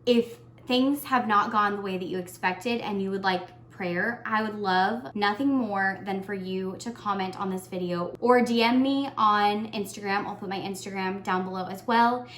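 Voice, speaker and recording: A young adult woman vlogging, earnest and heartfelt, talking warmly to her viewers and getting emotional. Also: medium pitch, reverberant, a little hiss or hum. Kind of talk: casual year-end tag vlog.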